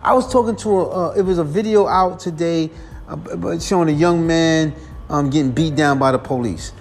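A man's voice: a little high, a little fast, vocal fry, a little mellow. A man hosting a podcast, talking in a casual, rambling monologue. He sounds earnest and weary, repeats himself, and keeps calling the listener "man". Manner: earnest, repetitive, peppers lines with "man". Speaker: podcast host.

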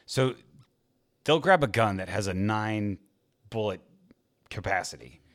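A man's voice: fairly low pitch, lively intonation, measured pace, a bit bright. Laughing, rambling man chatting casually. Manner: rambling, laughs often, many fillers. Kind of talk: casual chat about movies.

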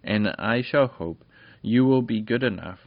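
A man's voice: fairly low pitch, a little slow, creaky, dry recording. A man voicing a kindly fairy lord and father in a genial, stately storybook reading, on a dull lo-fi recording.

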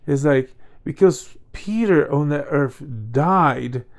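With a voice on the high side and a slow delivery, a male podcast co-host talks loosely on a casual chat show. He rambles, frequently restarting sentences and filling gaps with fillers.

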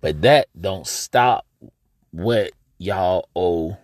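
A young American man with an African American English accent talks extremely slowly in a low, darkish voice. Hosting a casual podcast monologue outdoors, he speaks directly to his audience, calling them "y'all," in a conversational, emphatic way. It's studio quality with no echo.

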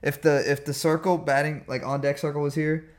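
A young man co-hosting a casual chat show, telling stories in an animated, joking way. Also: a little high, fairly quick. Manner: animated storytelling, jokey. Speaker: podcast co-host.

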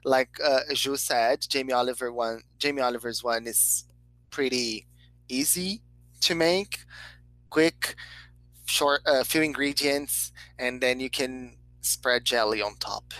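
A woman hosting a casual chat over a video call, upbeat and encouraging, with many quick yeses. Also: a bass voice, fairly bright tone, dry recording, low-quality recording. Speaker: host.

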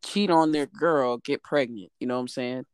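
A woman chatting casually as a guest, relaxed and conversational, often asking "you know what I'm saying". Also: rumbling low, moderate pace, clear, resonant tone, no room sound, studio quality. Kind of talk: casual chat.

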